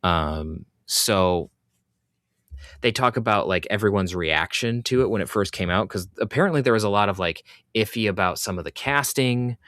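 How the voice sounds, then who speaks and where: Podcast co-host, man, very low voice, dry close sound, loose rambling chat. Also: moderate pace, fairly bright tone, dry recording. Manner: rambling, filler-heavy recaps. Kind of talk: casual chat.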